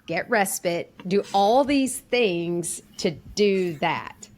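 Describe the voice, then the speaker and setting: A woman hosting a podcast who talks effusively and emotionally and is quick to laugh. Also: mid-range voice, lively intonation, darkish tone. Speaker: podcast host. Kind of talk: podcast interview.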